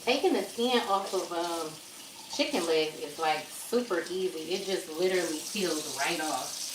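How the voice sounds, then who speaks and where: Out of breath, a woman vlogger cooks in her home kitchen and chats casually to viewers, addressing them as y'all. She speaks at a moderate pace in a fairly low voice. The recording carries kitchen echo, faint background noise, and the sounds of running water and frying.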